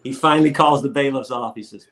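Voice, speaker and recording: On a casual interview show, a male guest, an activist lecturer, tells stories quickly in a medium-pitched, slightly bright voice. His delivery is emphatic and defiant, and he piles up repeated words when he gets worked up.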